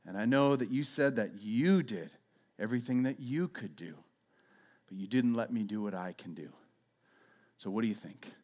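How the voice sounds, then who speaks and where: A man doing a calm, gentle teacher. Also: fairly low pitch, normal speed, pauses often, pitched below the performer's own voice. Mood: gentle, knowing.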